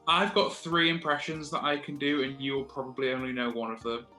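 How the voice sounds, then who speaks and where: A man with a bright, edgy voice co-hosts a casual podcast, blunt and dry. He swears without fuss. The sound is roomy with echo and has faint music behind. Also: medium pitch, little pitch movement, a little fast. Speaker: podcast co-host. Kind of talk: casual chat. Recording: echoey room.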